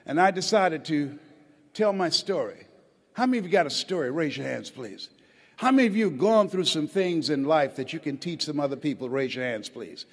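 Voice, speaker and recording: A man giving a motivational speech to a live audience, leading it in booming call-and-response. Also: expressive, moderate pace, slightly rough. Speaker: motivational speaker. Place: large hall with a live audience. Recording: live speech in a large reverberant hall.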